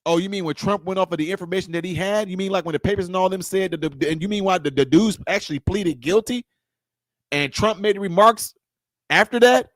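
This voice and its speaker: A political commentator, a man with a voice high for a male, launches into a heated rant aimed at his viewers. He speaks fairly quickly and confrontationally, repeating the same lines and hitting the listener with rhetorical question after question. The recording is dry and close, with no room sound.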